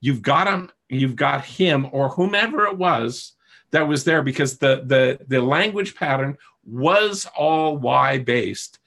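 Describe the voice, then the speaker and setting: A man's voice: medium pitch, animated, takes it slowly, creaky, fairly bright tone. A man coaching a live online class, explaining patiently and often checking in with his listeners, over a video call microphone. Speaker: coach teaching a webinar. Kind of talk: live online teaching session.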